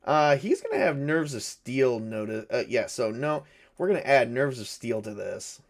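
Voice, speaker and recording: A man's voice: medium pitch, expressive, normal speed. A man narrating a solo tabletop game, thinking aloud and hesitating with many fillers. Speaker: game master and solo player.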